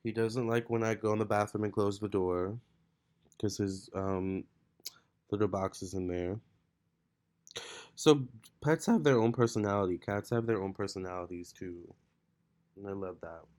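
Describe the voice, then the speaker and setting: At home with his cat close by, a low-voiced tarot reader and vlogger talks in a relaxed vlog style. He's a little slow, leaves long pauses, and fills his speech with "like" and "you know."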